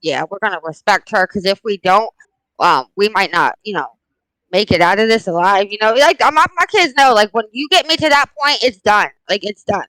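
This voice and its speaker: A woman's voice: mid-range voice, fairly quick, no room sound, low-quality recording. A woman in her forties, a mother of four, chatting bluntly and emphatically, telling stories with force. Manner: blunt, emphatic, animated storytelling. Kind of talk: casual chat.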